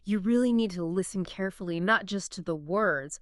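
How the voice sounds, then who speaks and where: A woman co-hosting a scripted English lesson, clearly modelling phrases for learners to practise. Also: medium pitch, fairly quick, dry recording, studio quality. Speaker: English teacher co-host. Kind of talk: scripted language lesson dialogue.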